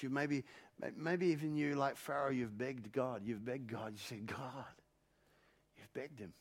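A man's voice: medium pitch, fairly even intonation, measured pace. A male pastor preaching a sermon, telling stories and firing off repeated rhetorical questions. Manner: storytelling, repetitive rhetorical questions. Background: loud instrumental music.

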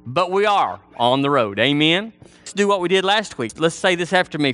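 A man preaching a sermon, folksy and animated, slipping into playful voices for the people he mimics. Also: on the high side, moderate pace.

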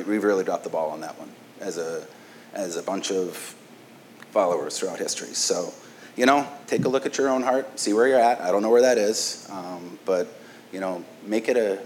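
Low-voiced casual preacher, keeps asking "right?". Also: male voice, a little hiss or hum, poor audio. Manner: casual, asks "right?" often, stammering restarts. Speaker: pastor. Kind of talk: conversational sermon.

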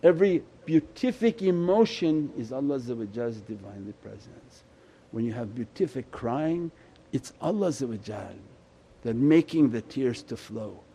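A man giving a Sufi sermon as shaykh, impassioned and pleading, his voice swelling loud and then dropping low. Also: expressive, normal speed, a little hiss or hum.

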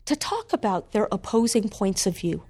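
A woman, an author and guest, telling a story in a conversation with an animated, expressive delivery. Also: mid-range voice, moderate pace, husky.

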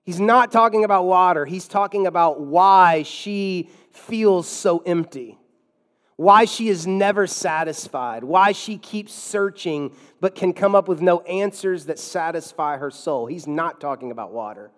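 A man's voice: sits high, unhurried, fairly bright tone, in a large hall. A man preaching a sermon as a pastor in a church, emphatic, with sudden drops and swells in his delivery.

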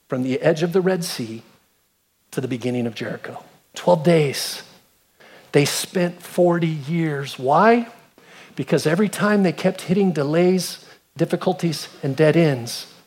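A man in his fifties delivers a sermon in a noticeably high voice. He tells the story with animated swings, climbing to emphatic peaks and sinking to hushed lows. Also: breathy edge. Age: 50s. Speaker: pastor.

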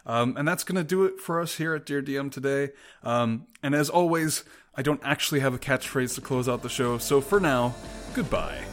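A man's voice: mid-range voice, moderate pace, soft background music. A man hosting a podcast, chatting with his guest in a friendly and easily amused way. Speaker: podcast host. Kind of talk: casual podcast chat.

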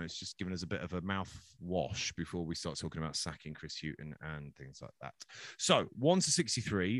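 A man's voice: lowish voice, fairly bright tone, no room sound, clean studio sound. A man hosting a podcast, rambling and joking in casual chat. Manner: rambling, jokey, self-deprecating. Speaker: podcast host.

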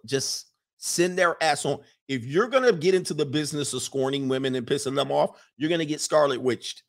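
A man hosting a live stream, giving a casual commentary monologue in an animated, preachy way and repeating his lines for emphasis. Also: on the high side. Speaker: live-stream host reading viewer comments.

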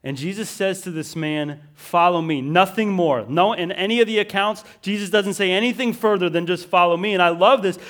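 A male pastor with a notably high voice preaches emphatically, repeating key words and tossing in casual asides like "listen" and "right?". He shifts between forceful, loud declarations and quiet, slowed-down lines.

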